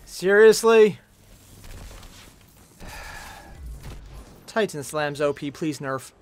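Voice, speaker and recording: A young man streaming a shooter game, chatting casually and jokily with teammates and bursting into shouts. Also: fairly high pitch, extremely slow, a little hiss or hum. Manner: excitable, jokey, sudden shouts. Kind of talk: casual gameplay commentary.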